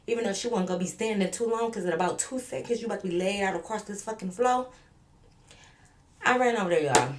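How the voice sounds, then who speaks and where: Brash woman telling a story. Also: mid-range voice. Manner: animated, profane, speaking straight to viewers. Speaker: vlogger. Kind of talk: storytime vlog.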